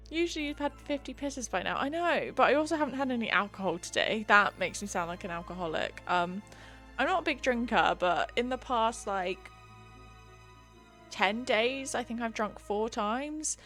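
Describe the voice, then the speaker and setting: A woman's voice: a little high, expressive, a little slow, long pauses, pushed and bright, soft background music. A young woman from England chatting casually on a live stream, giggly and reading chat aloud into a desk mic. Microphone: desk mic she keeps bumping.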